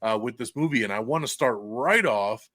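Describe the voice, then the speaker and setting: A man hosts a casual podcast movie review, gushing with excitement and breaking into laughter. His voice sits at an ordinary middle pitch. It comes through close and dry on a podcast mic, with almost no room sound. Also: moderate pace, no room sound. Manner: enthusiastic, swears freely, laughs often. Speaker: podcast host. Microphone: podcast mic, recorded live for video stream.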